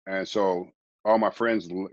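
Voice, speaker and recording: A middle-aged man, a guest preacher, telling his life story in a rambling, quiet way, often repeating words. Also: sits low, fairly even intonation, measured pace, no room sound, lo-fi sound. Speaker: guest, former baseball player turned preacher. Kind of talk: conversational storytelling.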